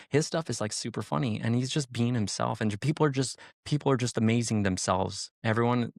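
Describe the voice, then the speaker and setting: Gravelly low-voiced man rambling on a podcast. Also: a little fast, few pauses, no echo, clean studio sound. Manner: rambling, heavy with "like" and "you know", swears freely. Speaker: podcast co-host, sheriff's deputy. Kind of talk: casual podcast chat.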